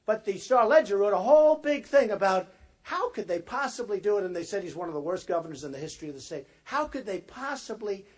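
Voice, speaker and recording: A man with a fairly high, husky voice giving a campaign rally speech. He talks off the cuff, circling back and repeating phrases. He addresses the crowd directly. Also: lively intonation, fast. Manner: rambling and repetitive, talking straight to the crowd. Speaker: political candidate addressing a rally.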